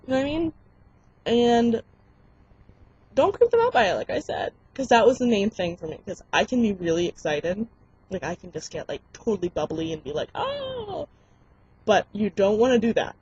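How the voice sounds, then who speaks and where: Excitable young new girl vlogging advice, kinda husky, squeals her quotes, muffled webcam audio. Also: dry recording. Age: young adult. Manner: bubbly, excitable, acts out quotes in high squeals. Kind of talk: casual advice vlog.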